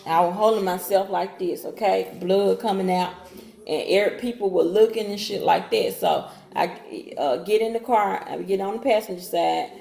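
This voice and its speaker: A woman tells a personal story in a loose, rambling way, often restarting her sentences. Her voice has a gravelly, fry-laden edge. The sound has a noticeable echo from the room around her. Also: medium pitch, fairly even intonation, normal speed, a little mellow. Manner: rambling, restarts and acts out dialogue. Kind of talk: casual storytime.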